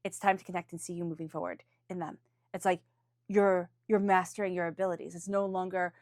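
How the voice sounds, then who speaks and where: A woman's voice: lowish voice, fairly even intonation, brisk, a little mellow, no room sound, clean studio sound. A woman reading tarot cards for a weekly forecast, speaking off the cuff in an earnest, encouraging way. She often restarts her phrases and now and then calls on angels and spirit guides. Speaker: tarot reader.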